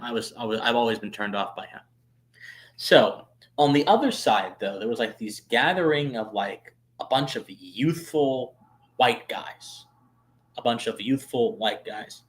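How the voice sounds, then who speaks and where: A man in the middle of his pitch range chats through a long personal story for his live stream viewers. He talks in a loose, animated way, full of fillers and restarts. His level swings from murmured asides to sudden loud bursts. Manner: chatty, many fillers and restarts. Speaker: streamer and show host.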